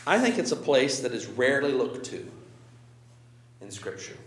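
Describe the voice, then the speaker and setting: A man preaching as a pastor, conversational and animated, swinging from loud emphasis to quiet asides. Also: medium pitch, normal speed, roomy sound. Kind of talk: sermon.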